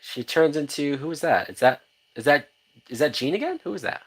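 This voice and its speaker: Animated, swearing man reacting to a film. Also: on the high side, brisk, slightly rough. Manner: animated, profane, laughs often, many restarts. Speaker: movie reaction host. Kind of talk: casual live-watch movie commentary.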